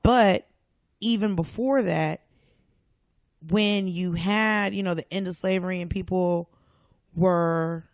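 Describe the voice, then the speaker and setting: A man's voice: high voice, dry recording. Blunt, dry-sounding male guest. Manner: blunt, swears freely, talks in bursts with restarts. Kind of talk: casual conversation.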